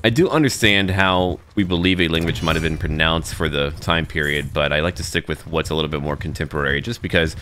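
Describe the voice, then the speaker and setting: A man's voice: very deep voice, quick pace, hardly any pauses, sharp tone, a little hiss or hum. A man giving casual let's-play commentary, thinking aloud and talking to his troops as he plays. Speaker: gaming YouTuber.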